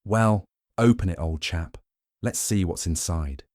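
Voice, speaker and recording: A man's voice: low voice, measured pace, darkish tone, no room sound, studio quality. A man voicing a tall, honest ex-soldier companion who talks in a hearty, straightforward way in a storybook reading.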